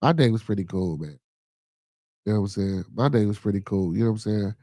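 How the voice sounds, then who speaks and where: A man with a Chicago accent hosting a casual podcast live stream, reacting to chat comments in a loose, animated, profane way. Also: lowish voice, fast talker, dry recording, clean studio sound. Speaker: podcast host.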